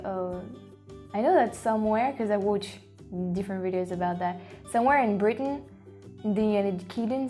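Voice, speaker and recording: A woman from France with a French accent, chatting on a casual reaction vlog and thinking aloud with lots of restarts and bursts of excitement. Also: medium pitch. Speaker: vlogger.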